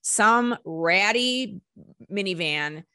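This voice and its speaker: A woman musician telling a story in a casual interview, animated and salty, acting out what people said. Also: mid-range voice, extremely slow, no echo, studio quality. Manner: animated, swearing, acts out quotes in bursts. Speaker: musician guest.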